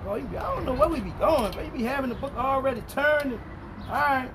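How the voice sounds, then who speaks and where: A male pastor with a strikingly high voice teaches the Bible in an animated, preachy way. He drops to quiet asides, then rises to shouts when reading scripture slowly and emphatically. A faint hum of noise sits under the recording. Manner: animated, preachy, swings between mutters and shouts; reads scripture in slow, emphatic bursts. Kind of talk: street-style Bible teaching.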